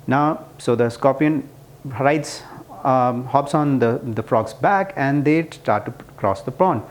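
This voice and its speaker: A man's voice: medium pitch, slow pace, a little hiss or hum. A man telling a parable to make a point about management, earnest and prone to restarts. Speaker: speaker explaining management ideas. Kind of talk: casual explanatory talk.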